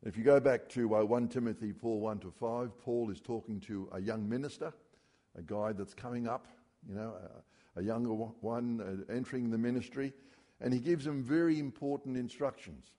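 A man's voice: mid-range voice, moderate pace, mellow. A man preaching a sermon in a church, talking to the congregation conversationally and asking rhetorical questions.

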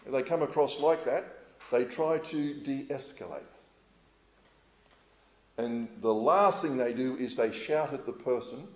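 A middle-aged man preaching a sermon in a measured, earnest way, with frequent hesitations as he speaks to a congregation. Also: mid-range voice, darkish tone. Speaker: pastor. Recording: echoey, slightly dull room sound.

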